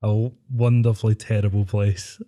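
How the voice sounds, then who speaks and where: Chatty podcast host. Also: male voice, on the low side, little pitch movement, dark tone. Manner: chatty, quick to laugh, swears casually. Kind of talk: casual podcast chat.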